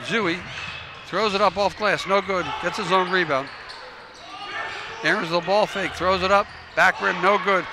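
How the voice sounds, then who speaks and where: A man doing play-by-play commentary for a high school basketball game. He calls quick plays and adds coaching asides. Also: steady tone. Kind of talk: local sports commentary. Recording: noisy gym ambience. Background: game crowd and ball bounces.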